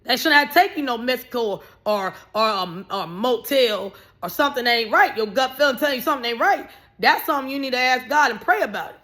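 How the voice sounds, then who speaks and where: A woman giving casual, ranting commentary, blunt and animated, swearing freely and raising her voice in bursts. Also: a little high, fast. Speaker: vlogger.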